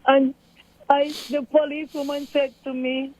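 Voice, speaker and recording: A woman's voice: high-pitched, moderate pace, no room sound. A middle-aged woman, a mother earnestly recounting events in an interview. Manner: earnest, storytelling, animated retelling. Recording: tinny phone-like audio.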